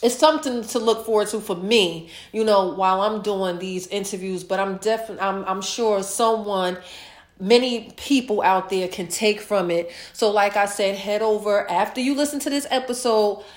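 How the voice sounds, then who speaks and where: A woman hosting her own podcast, chatting casually and warmly about her week, stuffed up from a sinus infection. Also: medium pitch, moderate pace, echoey room. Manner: chatty, repetitive, heartfelt. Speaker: podcast host. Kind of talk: casual solo podcast chat.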